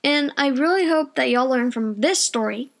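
A woman's voice: high-pitched, lively intonation, normal speed, creaky. A young woman, chatting casually at home in her bedroom and rambling through a personal story, often losing her train of thought. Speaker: vlogger.

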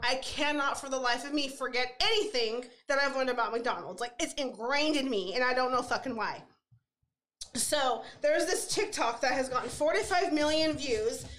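A woman's voice: sits high, a bit bright. A woman in her forties co-hosting a casual podcast chat, rambling, laughing often and swearing freely. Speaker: podcast co-host.

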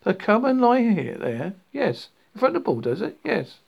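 Man putting on a squeaky, flustered official. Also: big pitch swings, moderate pace, vocal fry, breathy edge, lo-fi sound, exaggerated voice. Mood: alarmed. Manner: high, anxious and fussy, pitched well above the narration. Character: flustered, nervous middle-aged male council official.

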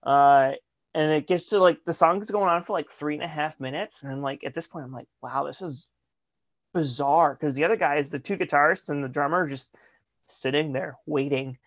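Animated man telling a story, dry sound. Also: on the high side, normal speed, dry recording. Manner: animated, swearing, laughing often. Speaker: guest musician. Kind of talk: casual storytelling.

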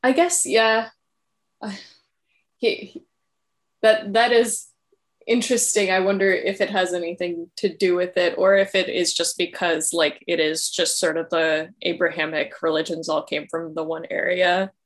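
A woman's voice: fairly low pitch, steady tone, normal speed. A woman guesting on a podcast, chatting casually and easygoingly about a book. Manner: easygoing, laughs often, agreeable. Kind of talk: casual book-club chat.

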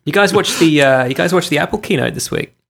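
A man's voice: a little high, animated, fast talker, vocal fry. A man co-hosting a podcast in casual chat, dropping dry teasing wisecracks. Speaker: podcast co-host.

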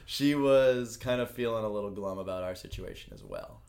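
A man's voice: lowish voice, lively intonation, moderate pace, vocal fry, a little mellow. A man co-hosting a casual podcast, joking and laughing often as he tells a rambling personal story. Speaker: podcast co-host. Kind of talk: casual chat. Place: New York.

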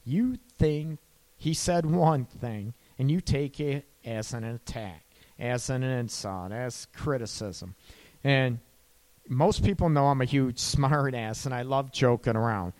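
Slow-talking male couples therapist. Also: mid-range voice, darkish tone. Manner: slow, conversational, tags lines with "right?". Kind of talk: relationship advice talk.

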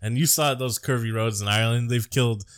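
A man's voice: medium pitch, fairly quick, clean tone, no room sound, studio quality. An American man co-hosting a podcast, chatting casually about a movie in a joking, profane, rambling way. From United States. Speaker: podcast co-host.

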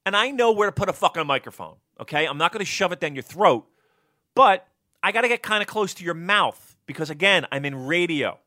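A man who works as a radio sports reporter, telling stories and giving opinions in a blunt, profane, animated way. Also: on the low side, no room sound, clean studio sound. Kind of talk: casual podcast storytelling and opinion.

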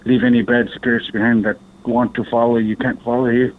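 A man's voice: medium pitch, brisk. Man telling a story over a tinny line. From Alaska. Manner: rambling, animated, swears, acts out others' lines. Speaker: podcast guest. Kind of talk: casual storytelling.

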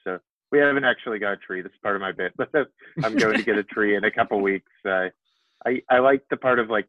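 A low-voiced man co-hosting a podcast, chatting casually and rambling with plenty of fillers. His voice comes through a tinny, phone-like line with a dry sound. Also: no echo. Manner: rambling, filler-heavy, laughs often. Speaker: podcast co-host. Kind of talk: casual chat.

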